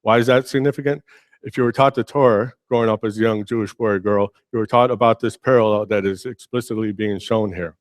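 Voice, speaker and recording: A man preaching a sermon as pastor, telling Bible stories in a lively, casual way and acting out the characters' lines. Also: fairly low pitch, fast, no echo, clean studio sound. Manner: animated storytelling, acting out biblical figures in casual speech. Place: church.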